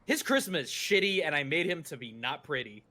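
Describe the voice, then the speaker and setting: A man co-hosting a stream, reading a paper aloud with halting restarts and joking asides. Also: a little high, lively intonation, pushed and bright. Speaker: stream co-host reading a fan newspaper aloud. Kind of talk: casual chat and reading aloud.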